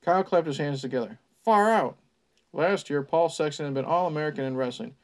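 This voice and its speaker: A podcast host reads a horror novel aloud with plain narration and a wry, mocking edge. His voice sits a little high and crackles with gravel. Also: fast talker. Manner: wry, mocking asides between passages. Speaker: podcast host reading a book. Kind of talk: sarcastic storytime reading.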